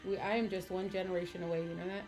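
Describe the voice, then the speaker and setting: A woman's voice: on the low side, little pitch movement, very fast, over music. A woman from Guam and Hawaii chatting casually on a livestream, laughing easily and searching for words.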